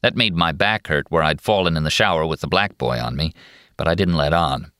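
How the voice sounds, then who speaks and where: A man narrating a novel in a steady, measured first-person telling. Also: a bass voice, no echo, studio quality. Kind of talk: audiobook narration.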